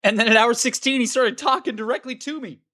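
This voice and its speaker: Woman voicing a melodramatic, put-upon game hero, high voice, dry close sound, comic diary rant. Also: fast talker, fairly bright tone, no echo, lightly acted. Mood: exasperated. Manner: sarcastic, melodramatic complaining. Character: long-suffering male game hero stuck in a cave. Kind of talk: comedic diary monologue.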